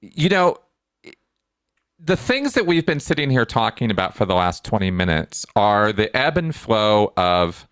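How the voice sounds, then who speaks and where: A man hosting a conversational podcast, who rambles a little and whose voice climbs high and heated when he rants. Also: sing-song, a little slow, a bit bright, smooth. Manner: gets high-pitched and heated when ranting. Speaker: podcast host.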